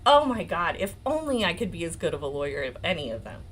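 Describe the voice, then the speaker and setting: A woman in her forties with an American accent, hosting a legal commentary livestream in an excitable, emotional way, swearing and laughing often. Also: fairly low pitch, fast, husky, rough recording. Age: 40s. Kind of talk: casual live-stream commentary.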